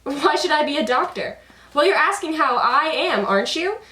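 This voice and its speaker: A woman voicing a blunt, quarrelsome common man who talks loudly and sardonically, in an echoey basement. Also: sits high, lively intonation, normal speed, recorded from a distance, pitched above the performer's own voice. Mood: brash. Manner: loud, brash, sardonic.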